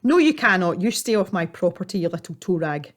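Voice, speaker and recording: A woman voicing a grumpy, short-tempered old man who snaps and shouts. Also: fairly low pitch, big pitch swings, fairly quick. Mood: angry. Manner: gruff, snapping, shouting.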